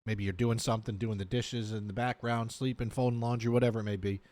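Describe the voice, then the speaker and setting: A man's voice: medium pitch, fairly even intonation, fast, darkish tone, no room sound. A man hosts a reaction video and talks casually to his viewers. His remarks are loose and chatty, often incredulous. The recording is close and dry, with no room sound. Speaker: YouTube reaction host.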